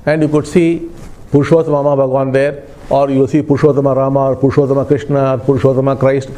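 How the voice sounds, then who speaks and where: Calm man giving a spiritual discourse. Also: medium pitch. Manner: calm, explanatory, repetitive phrasing. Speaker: spiritual teacher.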